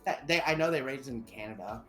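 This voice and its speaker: Podcast co-host, woman, low voice, animated swearing storyteller, faint music under her. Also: fairly quick. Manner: animated storytelling, swears a lot, acts out quotes. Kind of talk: casual chat.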